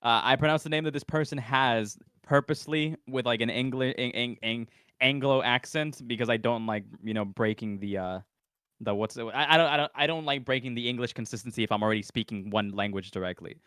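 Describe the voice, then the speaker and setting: Guy from mexico, spanish first language, stumbles and repeats words, smooth voice, no room echo. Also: mid-range voice, a bit bright, clean studio sound. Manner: halting, repeats words as he searches. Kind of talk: casual chat.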